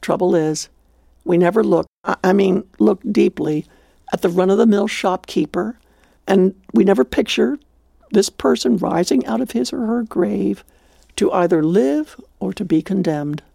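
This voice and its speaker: A woman's voice: medium pitch, measured pace, creaky, dark tone, husky, no room sound. A woman hosting a devotional radio talk, telling a story and preaching in a heartfelt, exclamatory way.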